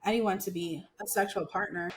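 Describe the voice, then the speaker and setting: Animated woman waxer telling stories. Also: mid-range voice, a little fast, slight background noise. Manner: animated storyteller, acts out quotes. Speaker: podcast host and waxer. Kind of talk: casual chat.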